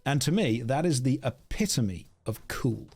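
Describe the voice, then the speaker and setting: A man's voice: medium pitch, animated, unhurried, a little mellow, slightly rough. A male streamer joking with his chat in a mock-serious way while playing a game. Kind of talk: casual game stream commentary.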